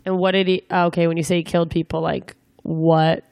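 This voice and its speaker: A woman's voice: on the low side, little pitch movement, a little fast, creaky, a little mellow, no room sound, studio quality. A young woman interviewing a guest in a casual, joking way, full of rambling asides.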